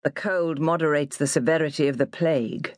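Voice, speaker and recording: A woman's voice: deep voice, a little fast, dry recording, close to an everyday voice. A curt, sour doctor who speaks in short, brusque lines, read by a woman narrating an audiobook. The recording is dry and close.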